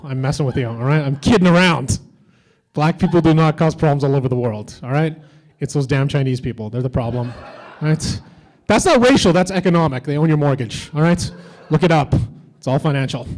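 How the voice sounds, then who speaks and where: Guy doing standup at a convention, edgy crowd-teasing jokes, kinda high voice. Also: brisk, a little mellow, rough recording. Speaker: stand-up comedian. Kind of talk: stand-up comedy set. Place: stage at a fan convention.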